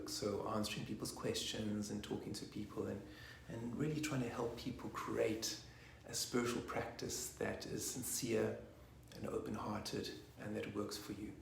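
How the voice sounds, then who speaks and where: A man leading a guided meditation online, soft-spoken and slipping into whispers at times. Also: on the low side, creaky, slight background noise. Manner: rocks forwards and back while chanting. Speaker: meditation teacher. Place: online session from a room. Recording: roomy echo.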